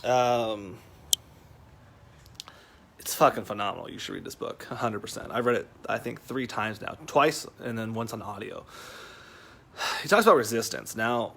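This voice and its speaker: A man's voice: fairly low pitch, normal speed, vocal fry, long pauses, fairly bright tone, a little hiss or hum. A man hosting a casual vlog, speaking bluntly and with lots of profanity as he rants about taking responsibility. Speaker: marketing coach vlogger. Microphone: phone camera.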